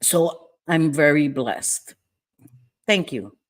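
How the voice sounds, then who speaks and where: A woman's voice: sits low, lively intonation, extremely slow. A middle-aged woman hosting a livestream, tearful and apologetic as she tells a personal story, repeating phrases as she goes. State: crying. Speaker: livestream host.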